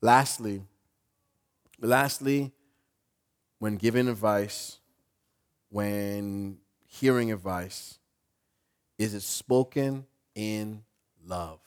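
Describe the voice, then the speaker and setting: A man preaching a sermon as pastor, talking in a conversational, animated way with playful asides. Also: fairly low pitch, very slow, pauses often.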